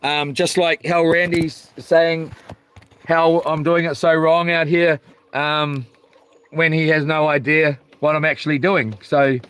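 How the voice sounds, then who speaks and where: A man's voice: a little high, little pitch movement, slow pace, a bit bright, clean tone. A man hosting a casual live stream outdoors by the sea at night, rambling and hesitant with many ums. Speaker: channel host live-streaming.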